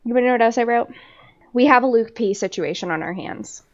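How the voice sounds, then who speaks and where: A woman co-hosting a podcast, chatting casually in an animated, profane way and mocking people in exaggerated voices. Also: on the high side, fast, lo-fi sound. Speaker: podcast co-host. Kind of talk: casual chat.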